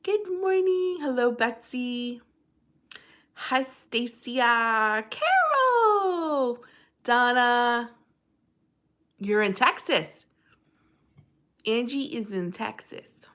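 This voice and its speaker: A woman's voice: a little high, sing-song, drawn-out words, long pauses, fairly bright tone. A woman hosting a casual livestream, chatting and greeting viewers by name in a bubbly way. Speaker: livestream host.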